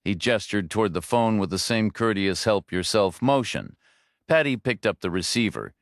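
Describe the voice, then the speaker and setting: A man narrating a thriller audiobook in a steady, even storytelling manner. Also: on the low side, normal speed, no echo. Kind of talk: scripted narration. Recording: dry close studio read.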